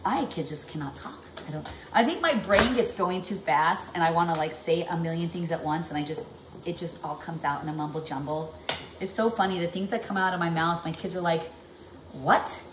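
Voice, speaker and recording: A woman in her forties chatting at length in a home kitchen vlog, rambling and animated with plenty of fillers while she works. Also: fairly low pitch, brisk. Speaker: vlogger. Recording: echoey room, faint household noise.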